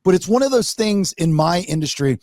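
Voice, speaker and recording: A man hosting a podcast, telling stories in a lively way and acting out what people said, with some swearing. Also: sits high, brisk, dry recording, clean studio sound. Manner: animated storytelling, swearing, acts out quotes. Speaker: podcast host. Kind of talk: casual podcast chat.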